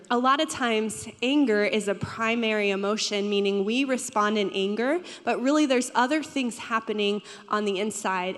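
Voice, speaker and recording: A young woman pastor giving a sermon in a church, talking in a conversational way and asking the audience questions. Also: medium pitch. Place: church hall. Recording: long hall reverb.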